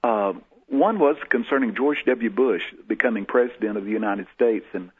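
Low husky man, tinny sound. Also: normal speed. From Texas. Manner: folksy storytelling, acts out the voices he quotes. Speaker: guest prophet. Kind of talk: telling personal stories in a TV interview.

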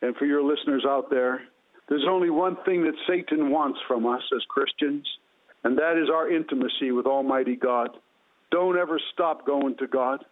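A man's voice: mid-range voice, normal speed. A man giving an impassioned, preacherly testimony and leading a prayer as a guest. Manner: impassioned, preacherly, repetitive phrasing. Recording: tinny phone line.

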